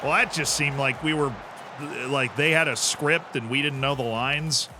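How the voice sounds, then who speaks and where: A man's voice: medium pitch, fairly even intonation, normal speed, over music. A man streaming a football management game, chatting casually, reacting to the match and answering his chat. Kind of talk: live gameplay commentary.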